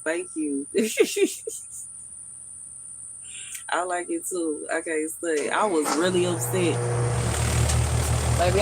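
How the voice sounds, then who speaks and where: A woman's voice: fairly low pitch, noisy background. A woman with a Southern accent chatting casually and thinking aloud to viewers on a livestream from her garden. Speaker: livestream host. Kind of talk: casual live chat with viewers. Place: outdoors in a garden.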